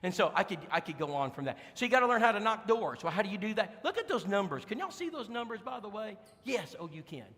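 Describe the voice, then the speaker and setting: Lively preacher in a reverberant hall. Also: male voice, high voice, fast, hardly any pauses. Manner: animated, folksy, emphatic. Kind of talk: sermon storytelling. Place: church sanctuary.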